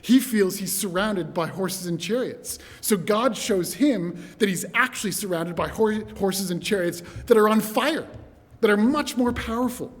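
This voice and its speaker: A man delivers a sermon, retelling a scripture story with animated, vivid energy and calling out to his brothers and sisters. His voice sits a little high for a man. The sound carries the long echo of a church hall. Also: a little slow. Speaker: preacher.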